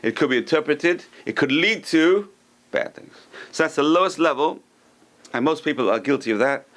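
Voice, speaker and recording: A man's voice: fairly high pitch, expressive, normal speed, fairly bright tone. A man teaching an informal Torah class as a rabbi, talking conversationally and acting out gossipy lines with joking asides.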